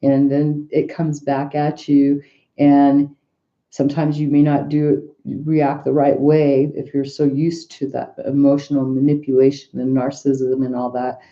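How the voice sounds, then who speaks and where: Dark-voiced middle-aged woman rambling. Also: rumbling low, little pitch movement, measured pace, muffled recording. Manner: rambling, frequent restarts and asides. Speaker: tarot reader. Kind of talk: casual personal storytelling.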